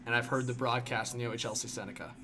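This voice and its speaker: Reading his chat during a relaxed hockey livestream, a young man races along in a medium-pitched voice with fairly even intonation. His commentary rambles, stuffed with fillers and frequent "like."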